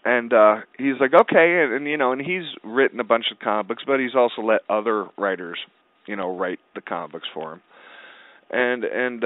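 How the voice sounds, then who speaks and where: A man's voice: medium pitch, no echo. Male interview guest, rambling and profane, mid-range voice heard over a narrow phone line. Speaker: guest film producer. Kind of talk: casual storytelling interview. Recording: tinny dry phone line.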